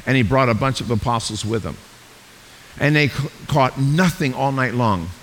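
A man preaching a sermon as a pastor, animated and acting out the voices he quotes. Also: medium pitch, moderate pace. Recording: long hall reverb with faint hiss.

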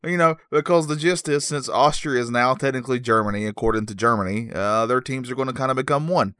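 A man co-hosting a casual podcast, talking in a mid-range voice. He tells his story in a relaxed, self-deprecating way, full of "uh" and "um". The sound is dry and close to the mic. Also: mid-range voice, quick pace, no room sound. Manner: easygoing, self-deprecating with frequent fillers. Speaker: podcast co-host.

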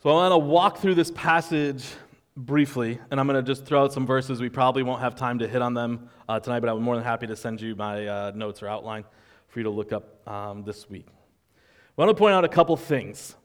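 A man's voice: mid-range voice, brisk, in a large hall. A man preaching a sermon in a conversational, wry way, walking through a passage. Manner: conversational, wry, acts out quoted voices. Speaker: pastor.

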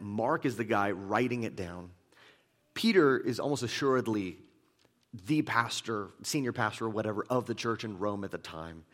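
A man pastor preaching a sermon in a conversational, animated way, acting out little asides from his listeners. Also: mid-range voice. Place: church hall.

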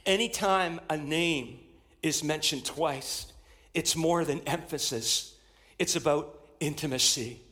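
A man's voice: fairly high pitch, slow, pushed and bright. A man preaching a sermon to his church in an emphatic style, repeating phrases as he builds intensity. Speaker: pastor.

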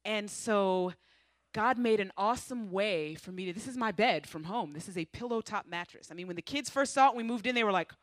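A woman from the United States giving a missionary testimony, telling her story with lively, playful asides. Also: medium pitch, fairly quick, no room sound. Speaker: missionary speaker. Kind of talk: testimony to a congregation.

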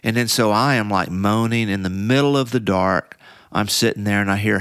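A middle-aged man speaks in a lowish, smooth, clear voice, recorded dry and close. He tells his story casually and rambles, full of fillers and restarts. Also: moderate pace, fairly bright tone, no echo. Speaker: podcast guest.

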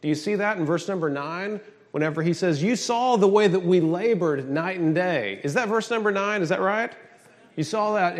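A man preaching a sermon, emphatic and animated, asking the congregation questions and telling family stories. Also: sits high. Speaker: pastor.

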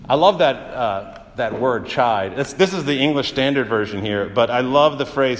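A man's voice: mid-range voice, animated, measured pace, fairly bright tone. Man preaching in a reverberant hall. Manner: conversational preaching with frequent uh fillers and vivid everyday examples. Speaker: pastor. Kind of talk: sermon.

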